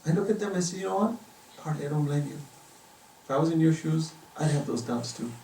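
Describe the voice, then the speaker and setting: A man's voice: on the high side, animated, quick pace, warm tone, a little hiss or hum. A middle-aged man giving an impassioned religious lecture in a private home, pressing his points with emphatic rising questions. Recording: roomy echo, distant from the mic.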